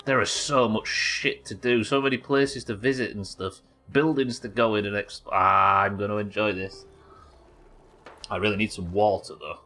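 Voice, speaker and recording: A lowish, sharp-toned voice with fairly even intonation belongs to a young UK man streaming gameplay live. At a moderate pace he chats and rambles, cursing and reacting aloud to the game.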